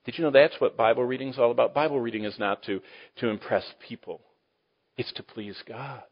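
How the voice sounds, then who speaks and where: A man teaching the Bible to a live audience in sermon style, animated, asking the room questions and swinging between loud emphasis and quiet asides. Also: mid-range voice, a little fast, breathy edge. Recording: dull lo-fi recording.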